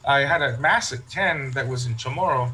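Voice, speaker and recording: Man telling a parish story, medium pitch. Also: normal speed, sharp tone, rough recording. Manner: storytelling, acts out quoted remarks, frequent restarts. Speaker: parish priest. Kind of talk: casual interview chat.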